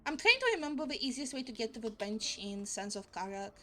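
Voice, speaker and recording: A woman's voice: a little high, expressive, quick pace, sharp tone, a little hiss or hum. A woman streaming a video game, chatting casually with lots of giggles and exclamations. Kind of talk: casual live-stream commentary.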